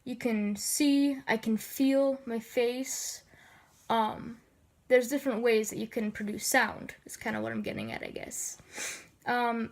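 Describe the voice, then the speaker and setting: A woman with a slightly gravelly low voice, sniffly from allergies, giving a casual voice tutorial with many filler ums. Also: darkish tone.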